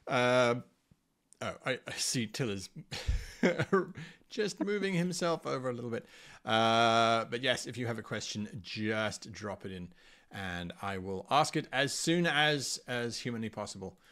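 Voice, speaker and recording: A man hosting a live stream, chatting casually and animatedly about product updates and reading viewer questions. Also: medium pitch. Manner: chatty, animated, swings between loud and quiet. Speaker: livestream host.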